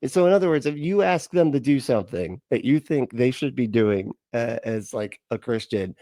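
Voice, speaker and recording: A man's voice: mid-range voice, expressive, normal speed, dark tone, no echo. A man hosting a reaction video, mocking a clip with sarcasm, laughter and exaggerated mimicry.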